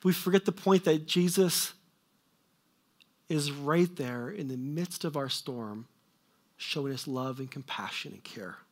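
Emphatic higher-voiced male preacher. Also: unhurried. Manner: swings between loud emphatic questions and quiet trailing asides. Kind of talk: sermon.

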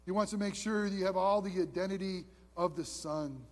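Animated preaching man, high voice. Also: fairly quick, long reverb tail. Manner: animated preaching, swings from loud exclamations to hushed asides. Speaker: pastor. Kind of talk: sermon. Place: church sanctuary.

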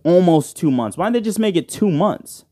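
A high, animated male voice at normal speed, dark in tone and without echo, belongs to a podcast host chatting alone. He rambles, jokes and swears heavily, leaning on "bro," and speaks into a side-address studio mic.

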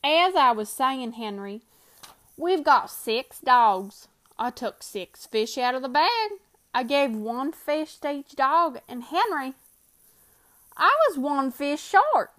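A woman's voice: high voice, big pitch swings, fairly bright tone, voice pushed up, full character voice. A woman doing a rustic frontier man, drawled. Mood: uneasy. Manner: rustic backwoods dialect, drawn-out and emphatic. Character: rough frontier man, grizzled sled-dog driver, uneasy.

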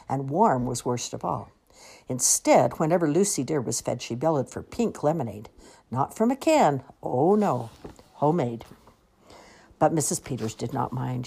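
A woman reads a rhyming picture book aloud in a lilting, rhythmic cadence. Her voice is strikingly low for a woman, with a gravelly fry and a husky edge throughout. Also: darkish tone. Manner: lilting, rhythmic verse reading. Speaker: storyteller.

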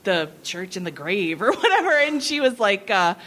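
A woman in her thirties telling a comic anecdote at a live venue, animated and often laughing. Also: medium pitch, moderate pace. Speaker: comedy writer guest. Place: live venue before an audience.

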